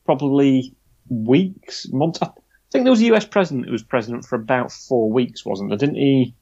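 A man's voice: medium pitch, normal speed, gravelly, dark tone, slightly rough. A man co-hosting a casual news chat, wry and chatty. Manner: chatty, wry, drifts into mock quotes. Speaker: podcast co-host. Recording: dull lo-fi sound.

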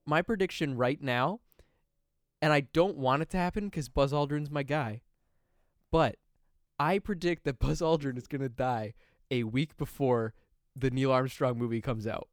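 A man's voice: mid-range voice, moderate pace, no echo, studio quality. A man chatting casually on a podcast, telling rambling stories and slipping into silly quoted voices. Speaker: podcast host. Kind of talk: casual chat.

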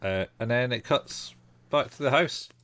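A man's voice: mid-range voice, a little slow, fairly bright tone, clean tone. A man co-hosting a podcast, chatting casually about an anime and chiming in with short agreements. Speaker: podcast co-host. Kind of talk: casual chat recapping an anime.

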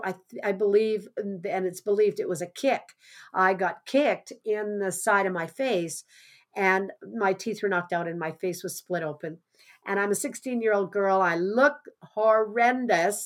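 A woman telling a personal story in an earnest, conversational way, often dropping softer at the grim parts. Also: medium pitch. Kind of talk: personal anecdote monologue.

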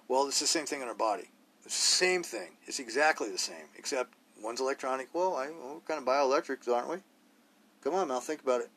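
A man's voice: medium pitch, a bit bright, slight background noise. A man hosting a solo podcast, talking bluntly and rawly in a rambling way, full of rhetorical questions. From Idaho, US. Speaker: podcast host.

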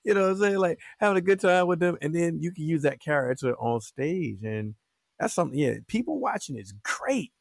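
A man's voice: fairly high pitch, expressive, brisk, creaky, dry recording, clean studio sound. A man, a guest comedian, talking in a rambling, casual way. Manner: rambling, many fillers and restarts. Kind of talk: casual interview chat.

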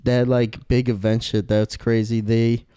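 A young man chatting on a podcast, rambling through a story with lots of fillers and swearing. His voice is mellow and dark, and the sound is dry and close. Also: mid-range voice, little pitch movement, a little slow, smooth, dry recording. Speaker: podcast host. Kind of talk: casual podcast chat.

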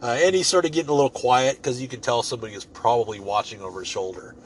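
A man's voice: medium pitch, fast, a little hiss or hum. Profane man rambling through a story. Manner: profane, rambling, loose and joking. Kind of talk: casual storytelling monologue.

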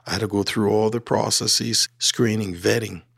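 A creaky, husky, lowish voice belongs to a middle-aged man from Liberia who tells his life story at a moderate pace in a Liberian accent. He's an animated narrator who voices the dialogue he quotes, with faint music underneath.

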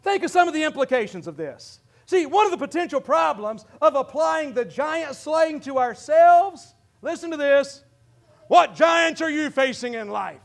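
A pastor with a Midwestern American accent preaching a fervent sermon, often breaking into shouts and calling out to his congregation. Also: very high voice, expressive, moderate pace, creaky.

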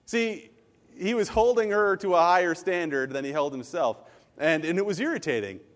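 A man's voice: high voice, moderate pace, big-room sound. A man preaching a sermon as a pastor, telling stories with animation and acting out the quotes. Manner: animated storytelling, acts out quotes.

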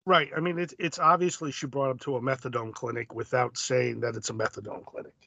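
A man co-hosting a podcast in relaxed, thoughtful casual chat. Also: medium pitch, fairly quick, creaky, no echo. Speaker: podcast co-host.

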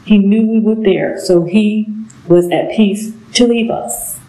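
A middle-aged woman giving an earnest, emotional personal testimony, halting now and then with pauses. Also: medium pitch, dark tone. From southern United States. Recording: echoey room.

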